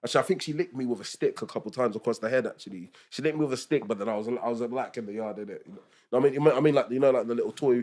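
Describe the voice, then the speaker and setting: A man's voice: medium pitch, rapid-fire, a little mellow. A young man, a podcast guest talking candidly about family in a rambling, self-interrupting way, laughing often.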